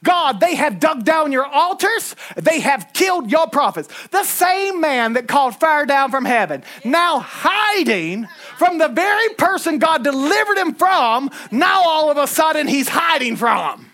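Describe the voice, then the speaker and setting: A man, preaching a lively sermon with folksy asides and shouted lines. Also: very high-pitched, unhurried, hardly any pauses.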